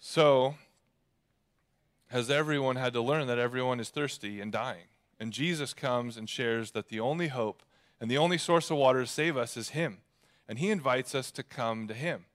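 Animated man preaching a sermon. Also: medium pitch, normal speed. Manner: animated storytelling. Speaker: pastor.

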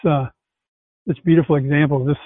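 Upbeat male host, higher voice, thin phone-like call audio. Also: fast, no echo. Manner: enthusiastic, animated storytelling. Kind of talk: casual conversation. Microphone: video call. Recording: tinny call audio, dry.

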